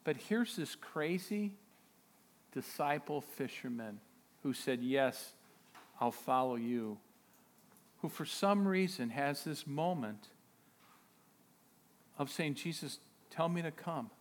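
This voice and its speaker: A man preaching a sermon as pastor, retelling a story with animated excitement and frequent chuckles. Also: medium pitch, slow pace, pauses often. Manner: chuckles often.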